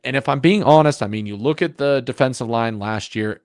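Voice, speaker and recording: A man co-hosting a sports podcast, talking in an animated, emphatic way in long runs. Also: medium pitch, a little fast, dry recording, clean studio sound. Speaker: podcast co-host. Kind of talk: casual sports podcast chat.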